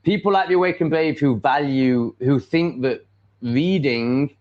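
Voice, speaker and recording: At a measured pace and medium pitch, an English man hosts a casual live stream, rambling bluntly and confidently with frequent ums and likes. The stream's audio is lo-fi and dull.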